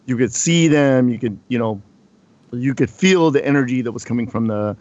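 A man's voice: mid-range voice, normal speed, a little mellow, no room sound, highs cut off. A man, co-hosting a casual podcast and telling a long story with lots of restarts and fillers. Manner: rambling, many restarts and fillers. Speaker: podcast co-host.

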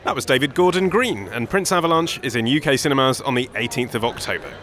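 Un animateur de podcast présente la séquence suivante d'après un texte écrit, d'un ton vif et légèrement blagueur. Sa voix est de hauteur moyenne. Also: male voice, mid-range voice, lively intonation, fast, fairly bright tone. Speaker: podcast host. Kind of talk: scripted presenting.

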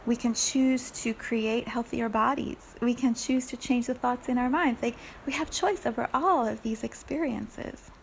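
A woman giving a reflective spiritual talk, playful and quick to laugh. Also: a little high, vocal fry, a little hiss or hum. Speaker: spiritual speaker.

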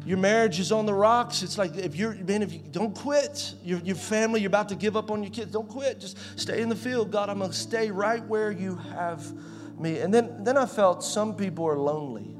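A pastor in his forties preaching a sermon in a conversational way, swinging from loud to soft. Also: high voice, lively intonation, fairly quick, hardly any pauses, over music. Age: 40s.

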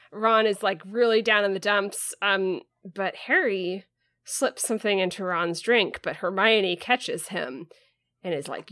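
A woman's voice: medium pitch, expressive, moderate pace, fairly bright tone, no room sound, clean studio sound. A woman podcast host giving a casual, rambling recap of a book chapter, full of "um" and "like". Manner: rambling, filler-heavy, lots of "like" and "um".

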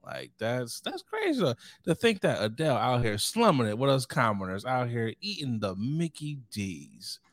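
A man co-hosting a podcast in casual chat, playful and jokey, with loud laughs. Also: mid-range voice, very animated, moderate pace, hardly any pauses, no echo. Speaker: podcast co-host.

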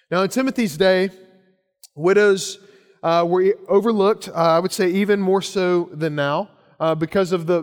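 A man's voice: high voice, long reverb tail. A man preaching a sermon as pastor, earnest, often repeating his phrases and restarting.

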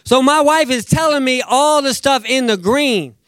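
Male pastor, high voice, dry close sound, lively sermon delivery with acted-out quotes. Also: normal speed, smooth, dry recording. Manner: animated, acts out quotes, jumps loud and soft.

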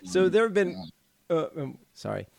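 A man's voice: high-pitched, very animated, normal speed, gravelly. A man co-hosting a podcast in casual chat, earnestly explaining things at length. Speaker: podcast co-host.

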